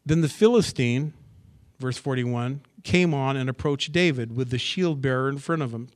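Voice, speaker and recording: Guy pastor preaching a sermon, reads the verses then riffs on them, goes quiet then gets all fired up. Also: medium pitch, normal speed. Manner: expressive preaching, swings from hushed asides to excited bursts; reads scripture aloud, then comments on it. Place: church assembly.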